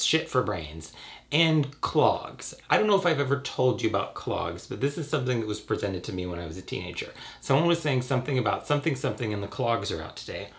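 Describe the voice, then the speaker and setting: A young man rants to camera in a casual vlog, swearing freely and turning sarcastic at every pet peeve. His voice sits at an ordinary middle pitch, a little congested from a cold, and he talks in quick, animated bursts. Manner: sarcastic, profane, animated ranting. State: has a cold. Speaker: YouTuber.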